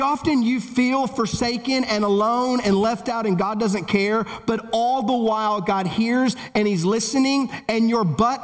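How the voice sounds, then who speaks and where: A man preaching a sermon, swinging between urgent raised lines and low solemn ones as he reads and explains scripture. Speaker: pastor. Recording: long hall reverb.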